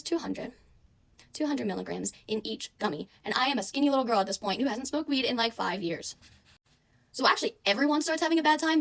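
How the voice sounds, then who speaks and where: A young adult woman telling a casual, chatty storytime monologue, animated and full of "like" and "I swear". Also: medium pitch.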